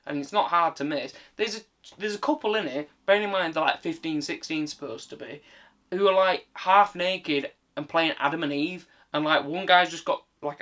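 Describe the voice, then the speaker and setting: A man's voice: a little high, fairly bright tone. Sweary British man ranting about films. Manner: sweary, exasperated, chatty with many fillers. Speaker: film reviewer. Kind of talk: casual ranting commentary.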